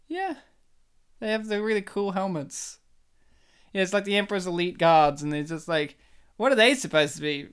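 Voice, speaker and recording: A man's voice: high voice, normal speed, pauses often, clear, resonant tone. A man co-hosting a casual film podcast, talking animatedly and laughing often. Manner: animated, laughing, puts on silly voices. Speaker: podcast co-host.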